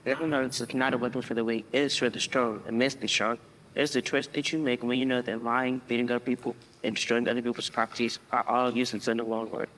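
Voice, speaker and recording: A man's voice: medium pitch, flat delivery, quick pace, a bit bright, a little hiss or hum, natural voice. An actor playing a principled Indian father who speaks earnestly and persuasively. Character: principled Indian father, calm adult man. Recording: hall reverb, faint ambience.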